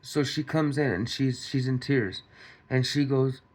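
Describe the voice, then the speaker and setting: Male commentary host, unhurried delivery, mid pitch, repetitive rhetorical style. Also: darkish tone. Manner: repetitive, restarts, rhetorical questions to viewers. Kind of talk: casual commentary monologue.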